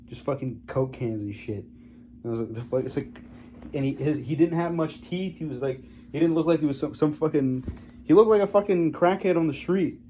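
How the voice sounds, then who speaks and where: A man's voice: a little high, moderate pace, mellow, slight background noise. A man telling a story in casual, rambling speech, heavy on profanity, often laughing and trailing off into mumbles. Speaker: vlogger.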